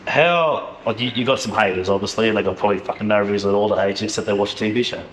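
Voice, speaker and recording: Fast-talking, low-voiced Australian host. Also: male voice, a bit bright, slight background noise. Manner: fast, swearing, matey. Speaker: podcast host. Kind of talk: casual chat. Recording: echoey room, faint ambience.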